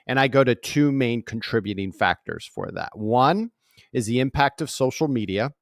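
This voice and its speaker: A man's voice: medium pitch, normal speed, dry recording, clean studio sound. A man in his forties answering interview questions, telling stories with energy and often asking "right?". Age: 40s. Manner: energetic, animated storytelling with frequent "right?" tags. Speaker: guest author and speaker.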